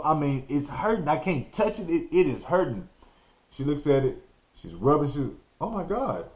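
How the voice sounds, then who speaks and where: A man from Texas hosting a podcast, telling a story in an animated, slangy way and acting out the scenes. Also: medium pitch. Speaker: podcast host. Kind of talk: storytelling monologue.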